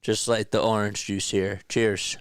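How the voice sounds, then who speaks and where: Man, fan baseball play-by-play, low voice, smooth and clear, dry close sound, chatty and jokey. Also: little pitch movement, measured pace, no room sound. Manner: chatty, reads viewer comments aloud between pitches; jokey, laughs at himself. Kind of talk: casual live play-by-play commentary.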